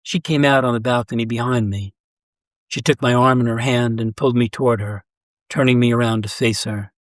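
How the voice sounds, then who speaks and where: A man's voice: mid-range voice, fairly even intonation, a little fast, dry recording. Man reading a story, dry and close. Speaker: story reader. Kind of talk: scripted narration of a short story.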